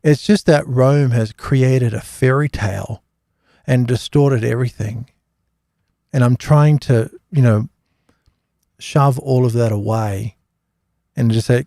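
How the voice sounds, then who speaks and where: A man's voice: mid-range voice, slow, long pauses, warm tone, no room sound, clean studio sound. A middle-aged man hosting a live Q&A, telling rambling, anecdotal stories in a casual religious talk, full of fillers and restarts. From Australia. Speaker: host of a live Q&A.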